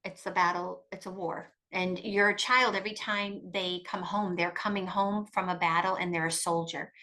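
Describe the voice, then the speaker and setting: A middle-aged woman, a guest expert in an interview, giving coparenting advice in an emphatic, fast-flowing way with frequent restarts. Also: lowish voice, steady tone, bright, forceful tone, low-quality recording.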